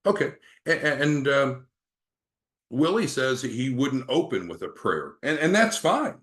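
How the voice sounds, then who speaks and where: A man's voice: mid-range voice, very animated, measured pace, fairly bright tone. A man leading a sales training meeting, upbeat, coaching and calling on team members by name.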